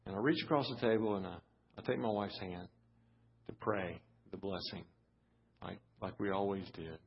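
A middle-aged man preaching a storytelling sermon, halting and repeating words, building to fervent preaching. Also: low-pitched, creaky, a little hiss or hum. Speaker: guest pastor. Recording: dull lo-fi sermon audio.

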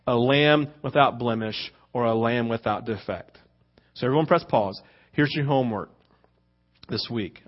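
A man preaching a sermon, reading scripture and then acting out little scenes to press his points, swinging from loud emphasis to near-murmured asides. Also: on the high side. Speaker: pastor. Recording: dull lo-fi sound.

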